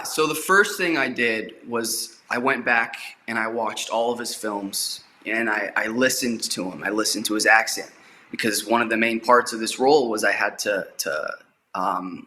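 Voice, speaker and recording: A young man with a bright, forceful voice and a fairly low pitch talks about his acting work in a relaxed interview. He is eager and open, and he often doubles a word as he looks for the next one. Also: normal speed. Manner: eager, repeats words as he talks. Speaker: actor guest. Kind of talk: casual interview.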